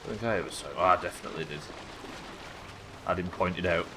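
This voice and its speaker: A man's voice: sits low, fast talker, noisy background. A young man streaming a game live, chatting to viewers and thinking aloud as he plays, swearing freely. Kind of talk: live gameplay commentary.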